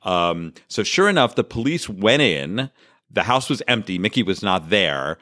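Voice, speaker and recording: A man's voice: fairly low pitch, big pitch swings, a little slow, pushed and bright, no echo, clean studio sound. A man co-hosting a podcast, telling odd news stories in a jokey, casual way and often laughing. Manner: jokey storytelling, frequent laughs. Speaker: podcast co-host. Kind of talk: casual comedic chat.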